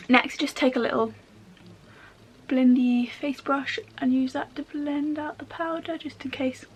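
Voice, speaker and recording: A young woman talks casually through a makeup tutorial. Her voice sits high, with a gravelly fry at the ends of phrases. She keeps things slangy and chatty, with a faint hiss of noise behind her. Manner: chatty and slangy, with soft half-whispered asides. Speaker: beauty vlogger.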